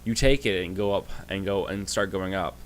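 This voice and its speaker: Halting low-voiced male game master. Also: slight background noise. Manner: halting, with many restarts. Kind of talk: narrating a tabletop game.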